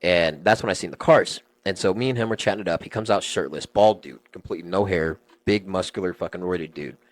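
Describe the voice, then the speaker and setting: A young man, a podcast guest, telling stories in animated, slangy casual chat and swearing freely. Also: low-pitched, a little fast.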